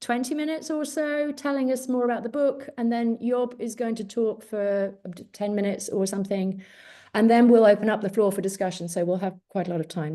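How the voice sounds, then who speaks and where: A woman's voice: medium pitch, mellow. A woman hosting an online academic workshop over a video call, chatty with lots of fillers and a dry sense of humor. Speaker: workshop host. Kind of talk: casual online talk.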